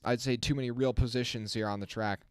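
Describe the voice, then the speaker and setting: A man giving casual live-stream race commentary as the channel host, chatting with his viewers and getting excited on the restarts. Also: mid-range voice, fast, clean tone, no echo. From not from the South. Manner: self-correcting, talks to the chat.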